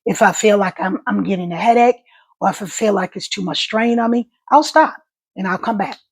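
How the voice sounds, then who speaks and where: Middle-aged woman vlogger, gravelly and husky, halting and repetitive, voice catches. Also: medium pitch. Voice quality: voice catches and crackles when emotional. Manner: halting speech with repeated words. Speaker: stroke survivor vlogger. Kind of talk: casual talk to camera.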